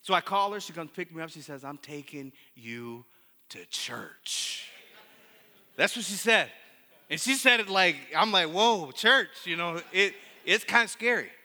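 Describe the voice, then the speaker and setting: A man preaching a sermon built on his own testimony, telling it in bursts with many restarts, moving between hushed retelling and emphatic preaching. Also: high voice, moderate pace. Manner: storytelling, with many restarts and repeated words. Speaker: pastor. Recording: long hall reverb.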